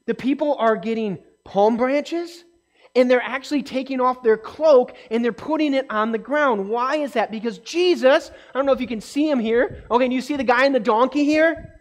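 A woman telling a Bible story to children in an animated way, often asking the kids questions. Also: sits high, normal speed. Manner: acts out voices and quotes in the story.

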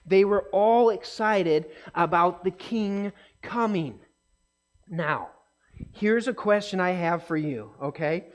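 Woman teaching a lively Bible lesson. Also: on the low side, slow pace. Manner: animated, asks the listeners questions. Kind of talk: Bible lesson for a young audience.

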